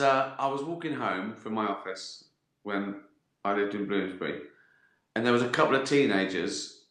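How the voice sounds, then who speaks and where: A man's voice: fairly low pitch, a bit bright, echoey room. A middle-aged man with a West Country accent, chatting casually on a livestream, answering viewer questions with rambling, profane comic stories and giggles. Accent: West Country English. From West Country, England.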